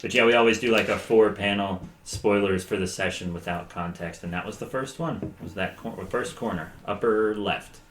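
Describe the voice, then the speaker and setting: A man recapping a tabletop session with friends in a relaxed, chatty way. He laughs often and slips into quick voices for the people he quotes. The room rings with echo under a faint hiss. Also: on the low side. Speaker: podcast co-host and player. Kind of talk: casual recap chat. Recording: roomy echo with faint noise.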